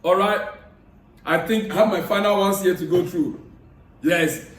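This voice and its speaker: A man vlogging about football news, chatting casually and giving friendly, repetitive shout-outs while reading viewer comments aloud. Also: high-pitched, unhurried. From Africa. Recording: echoey room, distant mic.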